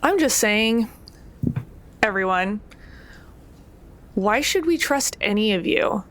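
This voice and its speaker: A woman's voice: mid-range voice, expressive, takes it slowly, a bit bright. A woman playing a defiant vampire woman. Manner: challenging, sarcastic. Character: defiant resentful female vampire.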